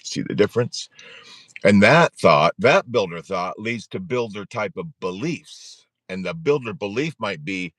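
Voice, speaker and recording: A man's voice: on the low side, lively intonation, unhurried, fairly bright tone, no echo, clean studio sound. A man in his forties hosting a live-streamed support group talk, speaking earnestly and repeating his points, often chuckling.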